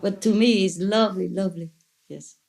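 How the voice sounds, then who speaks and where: A woman's voice: mid-range voice, steady tone, a little fast, vocal fry, background noise. A woman spiritual teacher answering questions at a gathering, playful and gushing, laughing often and speaking imperfect English.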